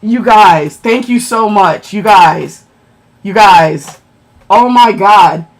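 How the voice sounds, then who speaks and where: A woman chatting on a livestream, excitable and emotional as she thanks viewers for gifts and checks her ranking. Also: medium pitch, slow pace.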